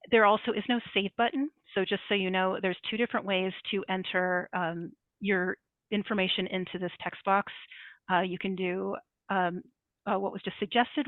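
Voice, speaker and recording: A woman's voice: mid-range voice, dry recording. A woman presenting at an online information session, explaining practical steps in a plain way with frequent fillers. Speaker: grant program presenter. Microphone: video call. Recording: tinny phone-like line.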